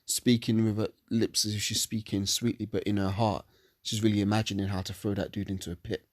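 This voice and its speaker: A man's voice: fairly low pitch, little pitch movement, a little fast, no echo. A man reading scripture verses solemnly and breaking into profane, angry commentary. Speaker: religious commentator.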